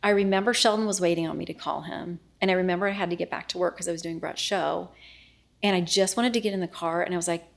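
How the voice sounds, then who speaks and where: A middle-aged woman recounts a personal ordeal as an interview guest, earnest and often falling to a near-whisper when she replays a conversation. Her voice sits a little low, with a gravelly fry. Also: steady tone, fast talker. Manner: earnest, reenacts dialogue, often drops to a hushed voice. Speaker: news anchor and guest. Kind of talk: emotional personal storytelling in interview.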